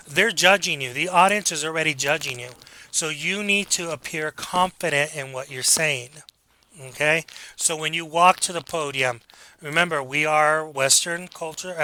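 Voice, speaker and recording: A man's voice: on the high side, sharp tone, a little hiss or hum. A man teaching a speech class in a direct, coaching manner, with rhetorical questions. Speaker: college speech instructor. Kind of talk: recorded class lecture.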